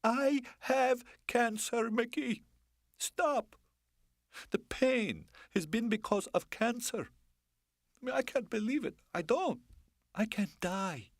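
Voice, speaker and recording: A man voicing a tearful middle-aged woman lover who talks in a high, breathless, pleading way in an audiobook reading. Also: expressive, slow, no room sound, studio quality, exaggerated voice. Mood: frightened.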